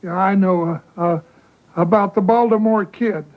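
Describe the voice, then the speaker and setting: A man's voice: high voice, moderate pace, darkish tone, natural voice, rough recording. An actor playing a shifty ex-judge turned newspaper man in a 1970 western film, hesitant and defensive.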